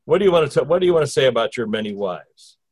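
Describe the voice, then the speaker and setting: A man's voice: medium pitch, animated, racing, darkish tone, breathy edge. A man hosting a conversation, asking long wandering questions full of restarts. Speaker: host interviewing a spirit through a medium. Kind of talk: casual interview talk.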